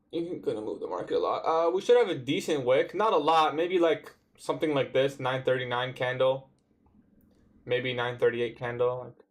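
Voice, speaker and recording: A young Canadian man with a Toronto accent talks through a trading livestream. His speech is relaxed and slangy, and his pitch sits in a mid range. He answers viewers' questions in an offhand way. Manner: laid-back slangy talk, reads out and answers chat. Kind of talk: casual livestream chat.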